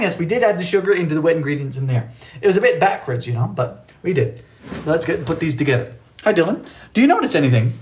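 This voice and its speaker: In his home kitchen, a British man who hosts a baking show reads out comments in a casual livestream chat. He's playful and theatrical, his voice leaping between high and low.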